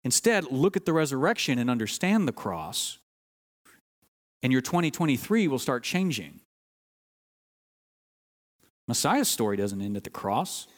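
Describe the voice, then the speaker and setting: A man's voice: medium pitch, sing-song, unhurried, pauses often. Earnest preacher man in a reverberant hall. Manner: earnest teaching, stresses key words, restarts phrases. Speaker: pastor. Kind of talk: sermon.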